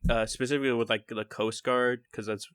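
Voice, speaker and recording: Excitable young man with a faint Texan accent. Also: medium pitch, a little fast, smooth, no room sound. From Texas. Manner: excitable, rambling, laughs often, swears casually. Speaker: podcast co-host. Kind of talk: casual podcast chat.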